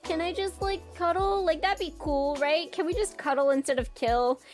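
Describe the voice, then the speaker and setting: A woman's voice: extremely high pitch, moderate pace, soft background music, pitched above the performer's own voice. A woman doing a flustered lovestruck young boy. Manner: gushing, pleading. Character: flustered lovestruck twelve-year-old boy assassin.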